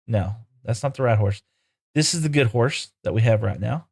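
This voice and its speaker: A man's voice: medium pitch, moderate pace, creaky, a little mellow, breathy edge. A man live-streaming a game, chatting casually with viewers and coaxing his in-game horses in playful broken talk.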